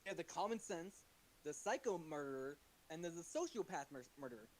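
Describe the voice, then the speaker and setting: A man's voice: on the high side, lively intonation, a little fast, poor audio. A man chatting as a player before a tabletop game, rambling and trailing off as he thinks aloud.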